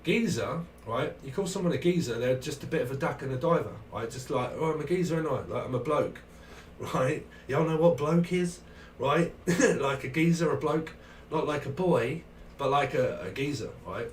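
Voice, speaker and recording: A man's voice: on the high side, animated, normal speed, few pauses. A middle-aged man with a Cambridgeshire English accent, chatting in a rambling way with viewers on his live tarot stream. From England. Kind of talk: casual livestream chat. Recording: roomy, distant mic, faint noise.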